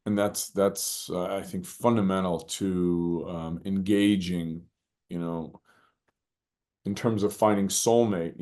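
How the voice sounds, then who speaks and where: Male guest, fairly low voice, earnest storyteller who breaks into acted-out exclamations. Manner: animated, acts out shouted quotes, many "you know" fillers. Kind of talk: reflective storytelling in conversation.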